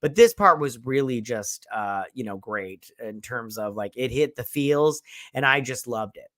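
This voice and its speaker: Male host, casual TV review, excitable and rambling, bright edge, dry sound. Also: medium pitch, measured pace, no echo. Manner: enthusiastic, rambling, swears casually.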